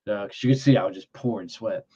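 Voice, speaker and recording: Middle-aged man, ex-Marine guest, rough lively storyteller, muffled lo-fi audio. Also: lowish voice, fast talker. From Texas. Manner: animated storyteller who acts out dialogue, salty language. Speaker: guest, entrepreneur and former Marine. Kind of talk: casual storytelling interview. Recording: dull lo-fi sound.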